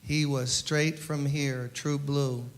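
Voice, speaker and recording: A man, a pastor, giving a eulogy at a memorial service as an animated storyteller who acts out the quotes. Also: a little high, takes it slowly.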